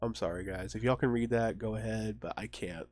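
A man's voice: on the low side, a little fast, darkish tone, dry recording, studio quality. A man hosting a let's play, reading the game's dialogue aloud and chatting with apologetic asides. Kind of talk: casual gameplay commentary.

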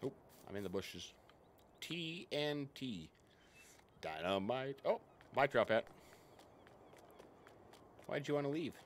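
A man's voice: mid-range voice, animated, takes it slowly, long pauses, a little hiss or hum. A man hosting a casual let's-play stream, chatting and greeting viewers by name. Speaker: game streamer.

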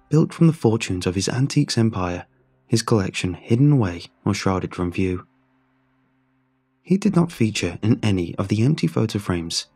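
Low, husky male horror narrator. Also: a little mellow. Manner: measured, somber storytelling. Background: faint music.

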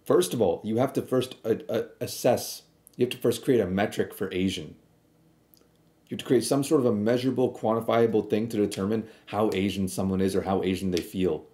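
Blunt, mellow-voiced man reacting. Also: fairly low pitch, fairly quick. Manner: blunt, argumentative, rambling with restarts. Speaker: streamer reacting to a video. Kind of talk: casual reaction commentary.

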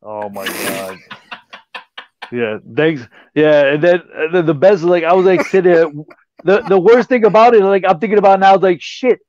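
A man being interviewed on a wrestling podcast, excitedly recalling memories and exclaiming often. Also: high-pitched, normal speed, no echo, muffled recording. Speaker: guest, wrestling gear maker. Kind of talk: casual interview chat.

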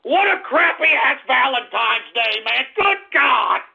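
A man hosting a radio show, angry and swearing, often breaking into shouts. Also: very high-pitched, animated, takes it slowly, creaky, husky. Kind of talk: profane ranting radio talk. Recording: dull lo-fi radio recording.

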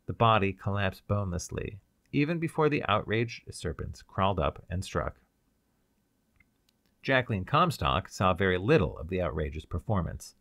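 A man's voice: deep voice, sing-song, normal speed, vocal fry, fairly bright tone, no echo, studio quality. A man reading a science fiction short story aloud as an audiobook narrator.

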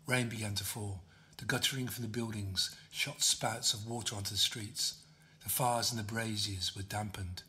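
A man reading his own novel aloud as an audiobook, steady storytelling. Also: on the low side, moderate pace. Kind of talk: audiobook narration.

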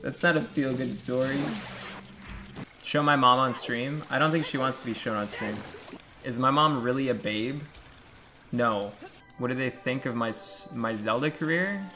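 A man's voice: medium pitch, normal speed, sharp tone, faint music behind. A man streaming a game live, joking crudely with his chat and swearing often. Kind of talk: live-stream gameplay commentary.

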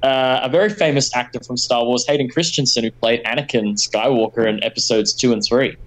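Male podcast co-host, mid pitch, eager, casual and filler-heavy. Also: fairly even intonation, brisk, low-quality recording.

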